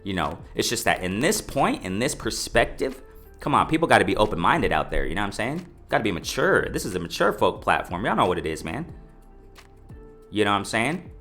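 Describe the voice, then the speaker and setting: A man with a fairly low but very lively voice delivers casual, opinionated boxing commentary. He talks with bright force, repeats his points, and keeps addressing his viewers directly. Faint music plays under him. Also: fairly quick. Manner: emphatic, repetitive, addresses viewers as ladies and gentlemen; lively pitch swings, mimics others in raised voice.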